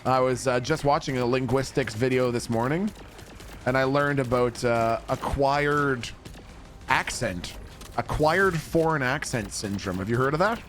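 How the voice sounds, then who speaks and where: A man's voice: medium pitch, a little slow, fairly bright tone, slight background noise. A man, rambling and chatting casually with viewers during a game stream, swearing now and then. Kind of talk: casual chat with viewers while gaming.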